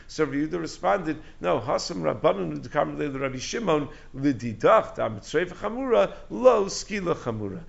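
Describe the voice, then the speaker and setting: Gravelly-voiced man teaching Talmud. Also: on the high side, a little fast, hardly any pauses. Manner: animated explaining, mixing Aramaic and Hebrew terms into English. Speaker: Talmud teacher giving a daily class. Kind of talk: Talmud lesson. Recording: dull lo-fi recording.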